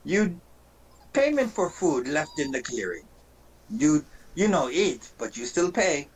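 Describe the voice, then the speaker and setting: A man's voice: sing-song, a little slow, a little hiss or hum, poor audio. A man doing a swaggering goblin rogue in broken speech. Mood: sly. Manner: broken, clipped speech, higher pitched.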